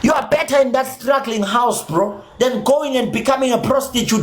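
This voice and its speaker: A man's voice: very high-pitched, moderate pace, a little hiss or hum. A South African man with a Zulu accent, holding forth on his own livestream in a heated rant. He is combative and swears freely. He drops in and out of Zulu mid-sentence as he scolds his viewers. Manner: combative, profane, mixes English with Zulu. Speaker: livestream host.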